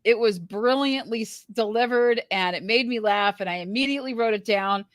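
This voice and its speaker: Higher-voiced woman leading a podcast. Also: moderate pace, dry recording, studio quality. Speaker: podcast host. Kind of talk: casual chat recapping a reality show.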